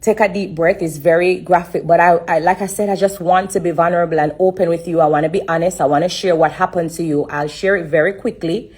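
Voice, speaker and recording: A woman giving an emotional personal testimony on a live stream, halting and repeating herself with many pauses and fillers. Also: lowish voice, fairly even intonation, a little mellow, slightly rough.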